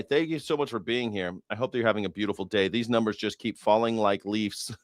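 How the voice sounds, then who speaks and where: An American man hosts a news reaction stream. He sounds sarcastic and mocking and swears freely, at a mid pitch. His voice is recorded close and dry, with almost no room sound. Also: no echo. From United States. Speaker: news reaction show host. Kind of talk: profane livestream commentary.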